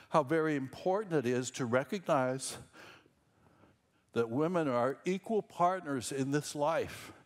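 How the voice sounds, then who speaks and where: A middle-aged man from Minnesota preaching a sermon as senior pastor, conversational and rambling, with self-deprecating asides. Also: a little high.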